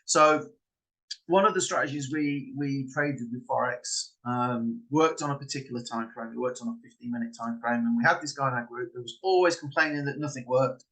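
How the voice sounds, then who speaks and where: A man's voice: medium pitch, brisk, fairly bright tone, rough recording. A man in a casual, rambling monologue, acting out little scenes and often repeating himself. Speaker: online trading coach.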